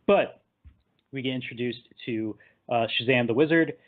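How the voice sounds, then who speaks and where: A man's voice: mid-range voice, moderate pace. Rambling man on a tinny line. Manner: rambling scene-by-scene retelling, laughing at his own jokes. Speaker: podcast host. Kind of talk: casual movie discussion.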